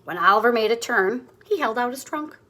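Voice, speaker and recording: A woman reads a storybook aloud to children, and her tone is bright and clear. Her pitch sits a little high and moves a lot. She is animated and stops now and then to chat with her young listeners. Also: a little fast. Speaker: teacher reading a picture book aloud.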